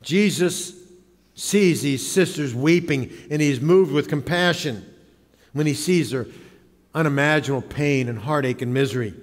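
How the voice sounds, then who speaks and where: Male pastor with a slightly high voice, dramatic and animated sermon delivery, recorded in a reverberant church hall. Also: a little slow. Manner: dramatic, acts out quoted voices. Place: church sanctuary.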